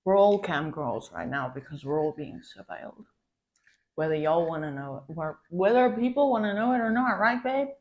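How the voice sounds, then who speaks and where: A woman's voice: fairly low pitch, animated, normal speed. Woman ranting as a POV girlfriend. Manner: profane, ranting, calls the listener babe. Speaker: content creator. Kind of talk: POV girlfriend role-play venting.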